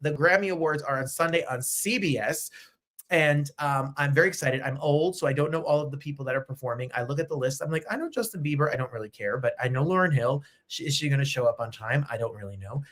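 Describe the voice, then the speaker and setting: A man hosting a show in casual chat, excitable and chatty, jumping from topic to topic. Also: on the high side, fast. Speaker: host. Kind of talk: casual live-stream chat.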